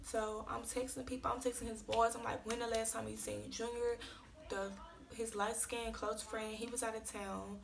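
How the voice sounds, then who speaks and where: A woman's voice: on the high side, flat delivery, moderate pace, vocal fry, a crowd in the background. A young woman vlogger telling an emotional story in a casual, slangy, tearful rush.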